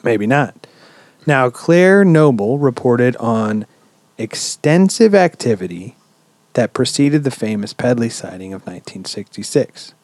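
A man hosting a podcast, telling a story in a relaxed, chatty way with lots of "um"s and casual swearing. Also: medium pitch, unhurried, dry recording. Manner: relaxed, swears freely, many "um"s. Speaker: podcast host.

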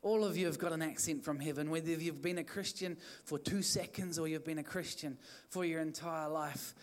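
Male NZ preacher, high-pitched, fervent and repetitive, church sermon. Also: steady tone, a little fast. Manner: fervent, repetitive exhortation with restarts. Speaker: pastor.

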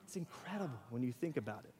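A man's voice: mid-range voice, big pitch swings, fast talker, darkish tone, slightly rough. A man preaching a sermon in a conversational way, with rhetorical questions and acted-out everyday examples. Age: young adult to middle-aged. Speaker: pastor. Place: church sanctuary. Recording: hall reverb.

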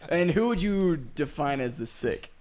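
A man with a fairly high voice talking slowly and loosely in casual chat. He jokes around and drawls through his points. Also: expressive, a little mellow. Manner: joking, drawled, laughs into his lines.

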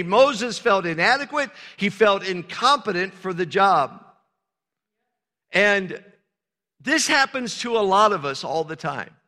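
An older male pastor preaches a sermon in a high, bright voice that swoops up and down with great energy. He takes his time, drops in frequent "Amen" calls and jokes at his own expense, and his words ring out in the long reverb of a large hall. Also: lively intonation, slow pace. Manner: conversational preaching, frequent "Amen" calls, self-deprecating asides.

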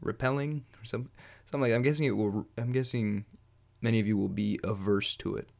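A young man casually introducing a track he made, unhurried and self-mocking, groping for words. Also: on the low side, steady tone, vocal fry. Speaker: home musician introducing his track.

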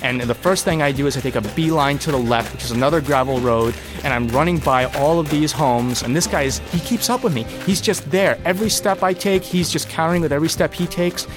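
A young man telling a personal story, animated and breathless, with sudden loud bursts. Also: fairly high pitch, a little fast, few pauses, over music. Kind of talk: personal story told on stage.

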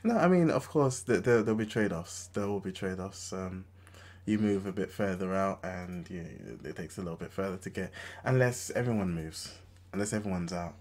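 A man's voice: sits low, normal speed, darkish tone. A man, co-hosting a casual podcast chat and talking in a hesitant way that repeats phrases. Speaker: podcast co-host.

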